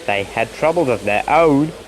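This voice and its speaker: Expressive man reading a storybook. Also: mid-range voice, moderate pace, a crowd in the background. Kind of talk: reading a children's storybook aloud.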